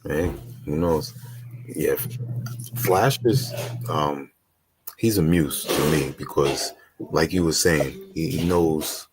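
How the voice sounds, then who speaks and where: A man hosting a podcast interview, laid-back and casual, mostly giving short affirmations. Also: very deep voice. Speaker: podcast host.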